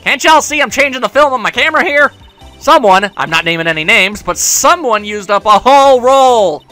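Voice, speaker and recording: A man voicing a loud, brash Southern woman photographer with an exaggerated drawl and a scolding manner. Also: very high-pitched, expressive, moderate pace, soft background music, voice pushed up, heavily acted.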